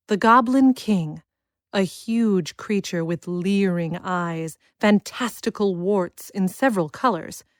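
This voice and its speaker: A woman narrates a children's fantasy story with measured, expressive pacing. Her voice sits at a middle pitch, recorded dry and close with no room echo. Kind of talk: scripted audiobook narration.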